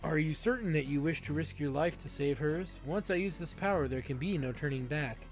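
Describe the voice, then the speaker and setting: A man reading the lines of a calm young woman in a video game, in a low measured tone. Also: soft background music, natural voice. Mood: grave.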